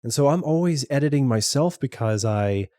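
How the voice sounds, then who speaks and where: A middle-aged man with a mellow, dark voice, co-hosting a podcast in easy conversation. He stumbles over the start of his sentences and restarts them before landing the thought. The sound is dry and close. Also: mid-range voice, lively intonation, moderate pace, dry recording. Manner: trips over words, many restarts. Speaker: podcast co-host and editor. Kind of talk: casual chat.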